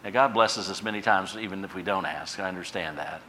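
Bright-voiced man preaching a sermon. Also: low voice, a little fast, slight background noise. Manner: impassioned preaching, swells loud on repeated phrases then drops quiet; conversational asides to the congregation. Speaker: pastor.

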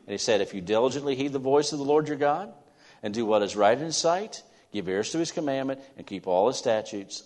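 Male pastor preaching, goes loud and punchy then drops real soft and slow, long echo like a big church hall. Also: medium pitch. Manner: swings from loud emphatic stretches to soft, slow, quiet endings. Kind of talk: sermon. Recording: long reverb of a large hall.

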